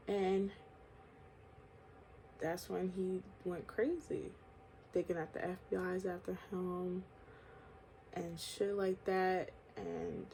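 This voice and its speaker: A woman from New York tells a personal story in a casual storytime vlog. She speaks slowly and candidly in slang, swears freely, and laughs between lines. A faint hiss of noise sits under her voice. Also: on the low side, a little mellow. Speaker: vlogger.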